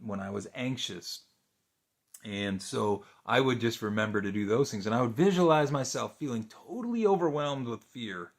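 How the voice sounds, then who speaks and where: A man's voice: fairly low pitch, gravelly, a bit bright. Middle-aged man, therapist explaining to camera, unscripted, easygoing, lots of um and uh, rhetorical questions. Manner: conversational, many fillers and restarts, asks rhetorical questions. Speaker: therapist teaching a video course. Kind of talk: unscripted teaching talk to camera.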